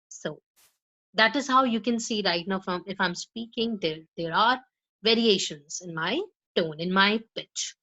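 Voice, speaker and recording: A woman lectures students on pronunciation at a medium pitch, explaining each point and demonstrating example phrases aloud. She keeps checking in with her class as she goes. The recording is somewhat dull and lo-fi. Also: expressive, measured pace, a bit bright. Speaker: spoken English teacher.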